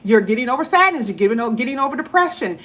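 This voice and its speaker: A woman giving a casual tarot reading to camera, talking in a chatty, blunt way with animated asides. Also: a little high, very fast. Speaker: tarot reader.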